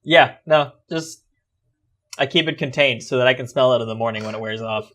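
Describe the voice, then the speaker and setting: A young man co-hosting a casual improv podcast, with dry, deadpan jokes. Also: medium pitch, fairly quick. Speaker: podcast co-host.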